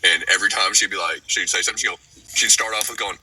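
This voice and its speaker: A man telling a funny story in casual chat, animated and swearing freely. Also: sits low, rapid-fire, rough recording. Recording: clear background noise.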